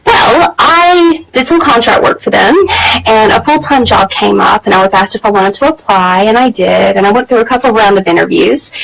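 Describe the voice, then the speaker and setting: A woman's voice: medium pitch, expressive, normal speed, creaky, fairly bright tone, poor audio. A woman hosting a motivational live stream, telling a personal story in a candid, chatty way with plenty of fillers. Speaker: host of a women's empowerment channel.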